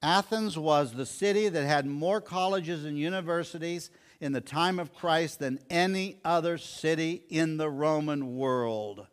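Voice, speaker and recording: A man's voice: fairly high pitch, measured pace, hardly any pauses, clean tone. An older man preaching a sermon, telling scripture stories and acting out the quoted lines. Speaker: pastor.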